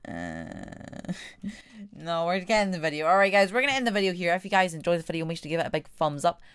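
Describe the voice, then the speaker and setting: A woman giving casual gameplay commentary as a gaming YouTuber, excitable and trash-talking, shouting at enemies. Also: fairly low pitch, fast, clear, resonant tone, no echo, studio quality.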